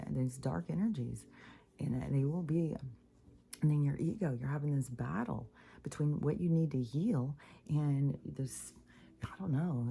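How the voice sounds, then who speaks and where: A woman's voice: very deep voice, gravelly, dark tone. A woman talking in a rambling, profane monologue, full of fillers and restarts, as a spiritual vlogger.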